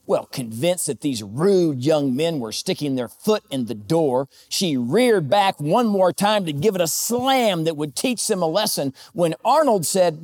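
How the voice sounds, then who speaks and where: Male pastor, a little high-pitched, chatty sermon delivery, jokes and a personal story. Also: expressive, unhurried, hardly any pauses, darkish tone.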